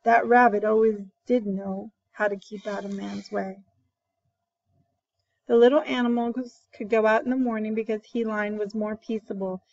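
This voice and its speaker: A woman, a teacher, reading a folk tale aloud in a steady, expressive way. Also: medium pitch, moderate pace, vocal fry, dull audio.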